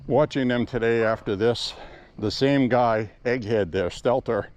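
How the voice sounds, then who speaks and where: A man's voice: mid-range voice, unhurried, darkish tone, a little hiss or hum. Blunt emotional man vlogging on a walk. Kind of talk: walking vlog monologue. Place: outdoors walking by a road.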